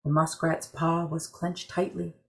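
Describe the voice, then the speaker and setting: A woman telling a traditional creation legend in a measured, deliberate storytelling narration. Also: low-pitched, level tone, vocal fry. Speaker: program director telling a legend.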